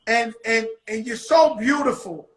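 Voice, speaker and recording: A man's voice: extremely high pitch, a little slow, a bit bright. Joking, profane male interviewer, echoey room. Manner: loose, joking, profane slang. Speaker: interviewer, rapper. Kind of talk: casual interview chat.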